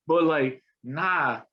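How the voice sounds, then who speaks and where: Rambling young man on a muffled call. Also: fairly high pitch. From Colombian roots. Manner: rambling, slangy, heavy fillers. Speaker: podcast host. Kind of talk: casual chat. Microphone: video call. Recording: muffled video call audio.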